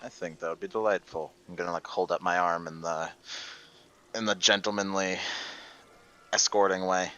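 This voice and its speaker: A man's voice: low voice, fairly even intonation, moderate pace, pushed and bright. A man playing a tabletop game, easygoing and amused. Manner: amused, easygoing, laughs often. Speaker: player. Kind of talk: casual tabletop play. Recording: dull lo-fi audio.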